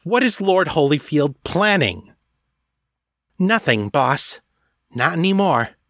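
Man voicing a high, eager little female elf servant, storybook reading. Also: very animated, slow, a bit bright, dry recording, studio quality, full character voice.

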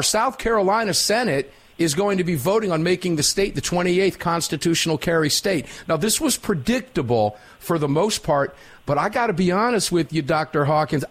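A man's voice: high-pitched, husky. A man hosting a talk radio show, reading sponsor spots and questioning a guest in an upbeat, chatty, folksy way.

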